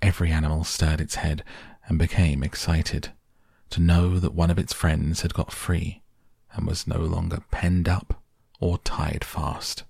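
A man reading a children's book aloud in calm audiobook narration for sleep, slow, soft and even. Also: low voice, creaky, husky, no echo, clean studio sound. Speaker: podcast reader.

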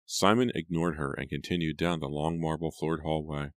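A man reading an audiobook in a steady, measured storytelling manner. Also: extremely low pitch, no echo, studio quality. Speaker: audiobook narrator. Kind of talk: scripted narration.

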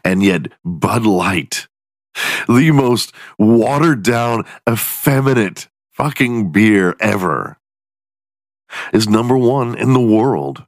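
A man's voice: on the low side, slow pace, dry recording. A man hosting a podcast, ranting casually with lots of swearing and sarcasm. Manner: profane, animated, sarcastic. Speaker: podcast host. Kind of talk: casual comedic rant.

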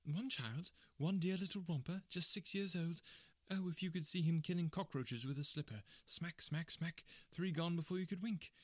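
A man voicing a jovial, pushy middle-aged gentleman who wheedles and insists. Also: fairly high pitch, moderate pace, few pauses, dry recording, clean studio sound, close to an everyday voice. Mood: coaxing.

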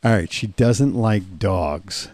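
A man's voice: deep voice, takes it slowly, darkish tone, no echo. A man co-hosting a podcast, asking questions in easygoing banter and laughing often. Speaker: podcast co-host.

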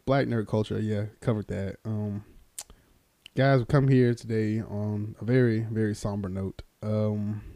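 A man's voice: on the low side, a little slow, no echo. A man hosting a casual podcast who teases his co-host, laughs often and tells stories loosely with many fillers. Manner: teasing, animated, laughs often.

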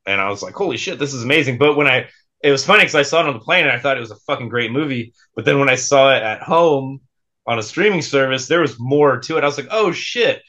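A man's voice: medium pitch, expressive, fast talker, sharp tone, muffled recording. A young man co-hosting a casual podcast, laid-back, swearing freely and laughing often. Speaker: podcast co-host.

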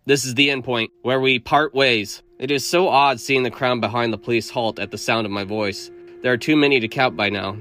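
A man reading a first-person story aloud, steady and earnest. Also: mid-range voice. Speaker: narrator.

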